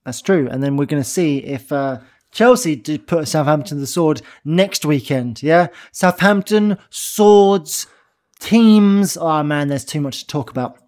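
A man's voice: a little high, moderate pace, hardly any pauses, darkish tone. A man co-hosting a football podcast, cheeky and teasing in casual chat. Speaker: podcast co-host.

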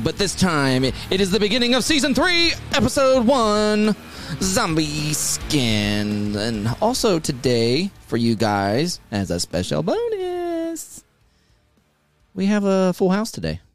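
A man hosts a casual podcast, upbeat, with a lively, swooping pitch, taking his time over each phrase. Faint music plays behind him. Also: slow pace. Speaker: podcast host.

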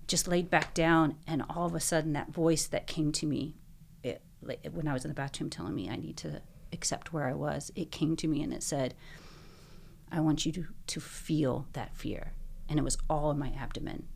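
A young woman, a guest in an interview, telling her own story earnestly, full of "like"s and quick bursts. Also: sits low, gravelly, a little hiss or hum.

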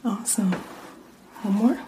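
Soft whispering woman, hearing-test role-play. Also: mid-range voice, steady tone, a little hiss or hum, rough recording. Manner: soft, slow and soothing, whispering word lists into each ear.

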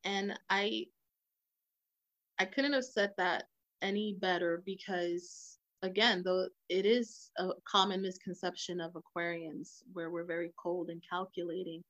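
A woman's voice: lowish voice, fairly even intonation, a little slow, fairly bright tone, no room sound. A woman co-hosting a casual podcast, speaking in a reflective, earnest way. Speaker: podcast co-host.

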